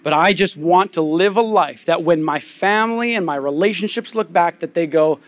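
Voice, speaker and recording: A man's voice: high voice, normal speed. A young adult man, a pastor, preaching a conversational sermon and telling candid personal stories.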